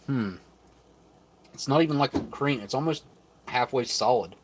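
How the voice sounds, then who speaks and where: A man in the middle of his range talks easily to a live audience while he opens wrappers and tries food. He muses out loud in a relaxed, unhurried way, sometimes mid-chew. Faint room noise sits under his voice. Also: medium pitch. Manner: relaxed, thinks aloud, talks with mouth full. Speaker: channel host reviewing rations. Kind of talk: casual live-stream chat while tasting food.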